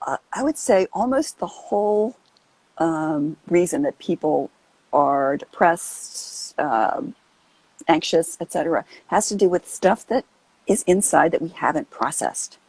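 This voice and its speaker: A woman's voice: sits low, animated, unhurried, darkish tone, slightly rough, no room sound, low-quality recording. A woman hosting a casual live chat on a video call, earnest and rambling with lots of fillers. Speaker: host.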